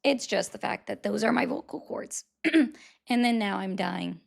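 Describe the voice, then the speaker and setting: A woman hosts a live stream, chatting casually with viewers and callers. Her voice is high for a woman. She rambles and pokes fun at herself. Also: animated, moderate pace, gravelly. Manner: chatty, self-deprecating, rambling. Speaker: livestream host taking callers. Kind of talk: casual livestream chat.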